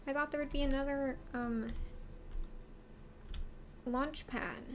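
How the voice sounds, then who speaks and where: A woman's voice: high-pitched, fairly even intonation, slow pace, slight background noise. A woman streamer giving casual game commentary, rambling and giggly, asking herself questions as she plays.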